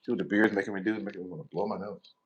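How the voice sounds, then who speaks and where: A man's voice: sits low, very fast, husky. A man, hosting a tarot livestream in rambling, profane, joking casual chat.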